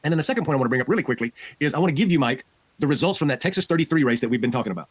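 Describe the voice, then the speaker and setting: A man's voice: medium pitch, animated, rapid-fire, slightly rough, dry recording. A man hosting a political podcast, talking loosely and swearing casually as he runs through results. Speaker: podcast host.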